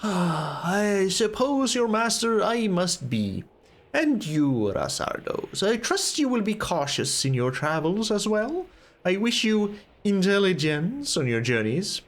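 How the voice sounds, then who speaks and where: A man's voice: high-pitched, big pitch swings, takes it slowly, voice pushed up, full character voice. A man voicing a stern, weary old male wizard who speaks in a formal, grave, old-fashioned way.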